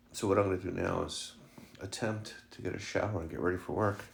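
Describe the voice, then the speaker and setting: A man films a casual vlog at home about his new puppy, cracking jokes and lapsing into affectionate baby talk with her. He talks fast in a low, gravelly voice with a steady tone.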